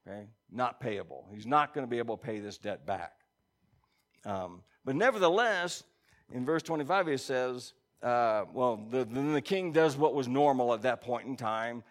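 A man preaching a sermon in a conversational way, reading scripture aloud and checking in with his listeners. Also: mid-range voice. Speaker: pastor.

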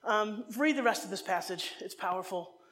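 A woman from New Jersey gives a sermon in a chatty, animated way. She wanders into humorous side stories and then finds her way back to the text. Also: mid-range voice, moderate pace. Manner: animated, conversational, digressive with humor. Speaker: preacher.

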